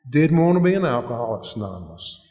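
A man's voice: mid-range voice, very animated, fast, mellow. A man giving an earnest, plain-spoken personal testimony at a recovery meeting. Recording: echoey hall, dull lo-fi sound.

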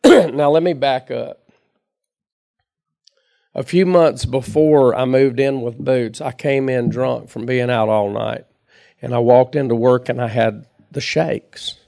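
A man's voice: mid-range voice, steady tone, slow, creaky, pauses often, warm tone. A middle-aged man telling his recovery story in a folksy, chatty way, laughing at himself. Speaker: recovery meeting speaker. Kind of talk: personal storytelling talk.

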